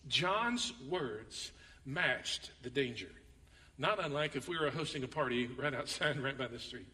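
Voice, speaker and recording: A man preaching a sermon as pastor, reading scripture dramatically and telling stories with animated, acted-out quotes. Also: mid-range voice, a little slow, long reverb tail, far from the mic.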